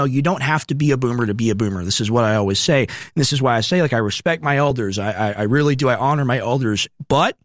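A man's voice: fairly high pitch, dry recording, studio quality. A young man in his twenties, hosting a radio show, delivering a political commentary monologue with emphatic, repeated rhetorical questions. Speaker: radio host.

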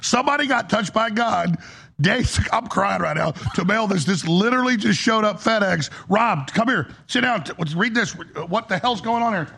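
A middle-aged man hosting a live talk show, urgent and excitable, repeating himself as he talks. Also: high voice, normal speed, gravelly, breathy edge.

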